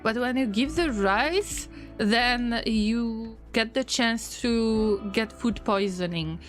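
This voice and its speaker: A woman streamer with a fairly high voice talks through her game at an unhurried, drawn-out pace. She frets aloud and speaks directly to her colonists, coaxing and scolding them as she plays. Faint music plays under her commentary. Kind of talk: gameplay commentary.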